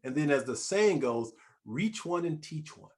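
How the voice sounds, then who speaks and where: A man hosts an interview in a lively, emphatic way, often restarting his phrases. His voice sits a little high for a man, and his pitch swings widely as he makes his points. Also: measured pace. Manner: emphatic and animated, with repeated restarts. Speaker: talk show host. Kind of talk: conversational interview.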